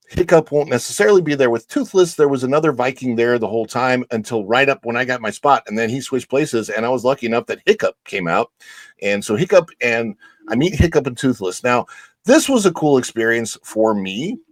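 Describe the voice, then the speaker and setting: A man co-hosting a talk show shares a story with animated enthusiasm, often laughing, and his pitch leaps upward as his excitement grows. His voice is mid-range for a man, and the recording is close and dry. He talks casually, with fillers and restarts throughout. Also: no room sound. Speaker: co-host.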